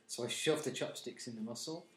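A man's voice: medium pitch, a little fast, echoey room. A young man co-hosting a podcast, telling stories hesitantly with stammering restarts in casual chat. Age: young adult. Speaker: podcast co-host.

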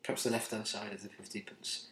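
A man's voice: fairly low pitch, flat delivery, fast, fairly bright tone, roomy sound. A man chatting casually as a co-host, often stumbling and repeating words as he starts a sentence. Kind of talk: casual chat.

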